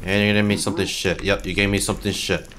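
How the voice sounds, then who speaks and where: A man's voice: sits low, flat delivery, rapid-fire, a bit bright, a little hiss or hum. A young man giving casual, frustrated gameplay commentary, swearing often and yelping when he gets hit. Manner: frustrated, swears a lot, yelps at hits. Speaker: gaming channel host.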